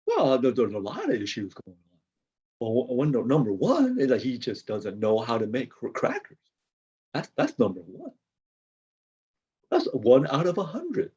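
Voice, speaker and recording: A flustered older cracker factory worker rambles and stammers through his complaints, as a man plays him in improv. His pitch swings wildly and his voice is husky. The sound is a dull, lo-fi video call. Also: wildly swooping pitch, measured pace, long pauses, warm tone, exaggerated voice. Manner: rambling, stammering, bursts of high-pitched indignation. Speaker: improv performer.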